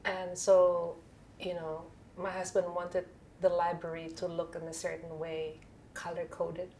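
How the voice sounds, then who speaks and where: A woman telling a story as a podcast guest, in an animated, chatty way. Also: on the low side, a little slow, a little hiss or hum, low-quality recording. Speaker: podcast guest, food figure.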